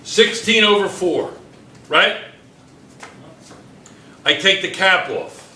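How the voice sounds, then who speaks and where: A man's voice: high-pitched, expressive, slow pace, sharp tone, reverberant, a little hiss or hum. A male chemistry teacher lecturing a classroom, firing questions at students and repeating key points.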